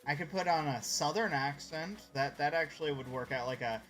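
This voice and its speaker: A man's voice: on the high side, a little fast, fairly bright tone, faint music behind. A man chatting casually on a live stream while gaming, rambling and greeting viewers by name.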